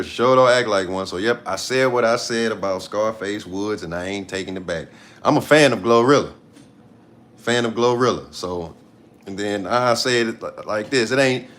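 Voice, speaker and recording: A man's voice: lowish voice, fairly bright tone. Blunt, profane man ranting on a livestream. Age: 30s. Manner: blunt, profane, repeats himself for emphasis. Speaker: live streamer. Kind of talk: casual livestream rant.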